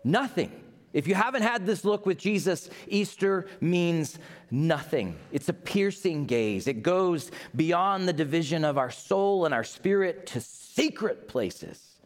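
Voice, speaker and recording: Slow, dramatic male preacher. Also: on the high side, expressive. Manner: dramatic, rising emphatic preaching. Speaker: pastor. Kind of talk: Easter sermon.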